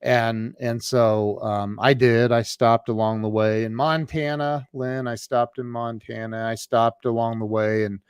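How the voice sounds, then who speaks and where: A man from the United States tells a long personal story over a call, halting and restarting often. His pitch sits in the middle for a man. The sound is very dry and close. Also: steady tone, clear, resonant tone, no echo. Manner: halting, many restarts and fillers. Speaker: guest. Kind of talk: storytelling in an interview. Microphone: remote call.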